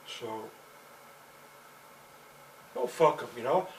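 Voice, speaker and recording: A man rambles through a personal story, swearing freely and leaning on "you know" at every turn. His voice sits in an ordinary middle pitch. The mic is set back from him, and a faint hiss of noise runs underneath. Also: normal speed, recorded from a distance, low-quality recording. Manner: meandering, profane, constant "you know" fillers.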